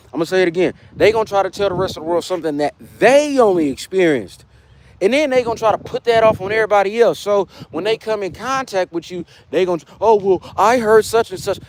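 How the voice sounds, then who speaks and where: A man hosts a livestream and rants about people who waste his time. His voice sits high and swings widely in pitch, jumping from low mutters to sharp peaks. He swears freely and keeps checking in with viewers. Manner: heated, profane, street slang, repeats "you know what I'm saying". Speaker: livestream host. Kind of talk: casual livestream rant.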